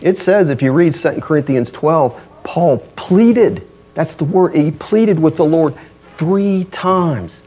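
A man delivers a sermon in a husky voice whose pitch climbs and drops widely. He preaches conversationally, acting out quoted voices and shifting between loud stressed phrases and quiet low asides. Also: lively intonation, moderate pace. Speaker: pastor.

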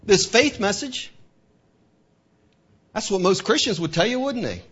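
A man's voice: sits high, lively intonation, measured pace, a bit bright, husky. A man preaching a sermon, asking rhetorical questions and acting out the devil's taunts. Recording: dull lo-fi recording.

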